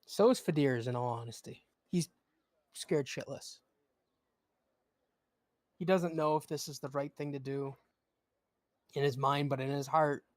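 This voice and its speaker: A man's voice: mid-range voice, darkish tone, no room sound, studio quality. A man playing a tabletop game, describing his character's actions in a casual tone and swearing freely. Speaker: player.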